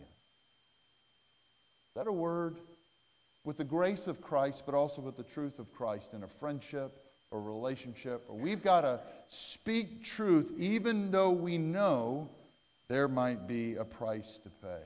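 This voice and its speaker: Earnest preacher in a reverberant hall. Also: male voice, medium pitch, sing-song, slow. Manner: earnest, dramatic swings between loud and hushed. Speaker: pastor. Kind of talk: sermon. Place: church sanctuary. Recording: long church-hall reverb.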